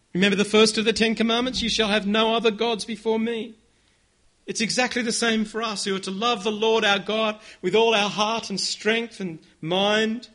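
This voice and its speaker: A man's voice: high-pitched, fairly bright tone. A man preaching a sermon, earnest and direct, leading his congregation in a call-and-response. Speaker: pastor.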